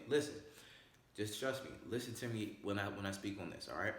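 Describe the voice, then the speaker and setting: A man with a lowish, fairly bright voice delivers a casual explainer on saving money, moving briskly, emphasizing every point, and asking "all right?" and "okay?" along the way. The recording sounds like a very echoey room.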